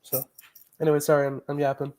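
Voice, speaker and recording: A man with a fairly high voice talks movies in loose, casual chat. He rambles with excitement, stacking fillers and restarting his sentences as he goes. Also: fast. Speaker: podcast co-host.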